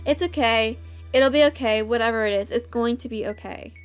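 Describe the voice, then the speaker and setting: A woman voicing a kind middle-aged father who reassures his son gently. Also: a little high, a little fast, clear, resonant tone, faint music behind, natural voice. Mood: reassuring.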